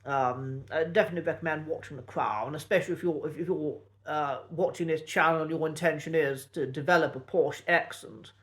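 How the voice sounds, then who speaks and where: Host, male, posh English RP, light high voice, measured delivery with ums. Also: fairly even intonation. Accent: posh English Received Pronunciation. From England. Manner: measured and precise, with frequent ums. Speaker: accent teacher and channel host. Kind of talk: reflective solo talk to camera.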